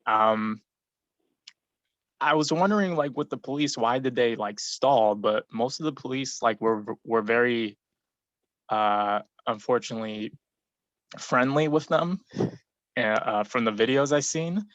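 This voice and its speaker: A man's voice: medium pitch, measured pace, pauses often, a bit bright, no room sound. A young man giving his view in a group discussion, rambling with many fillers. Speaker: forum participant. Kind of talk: casual discussion contribution. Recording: dull, lo-fi dry mic.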